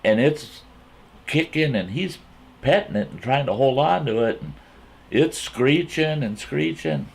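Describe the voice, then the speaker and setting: A man telling a folksy campfire story in an animated way, repeating himself as he builds the scene. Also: mid-range voice, gravelly, breathy edge. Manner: drawn-out, repetitive, animated retelling.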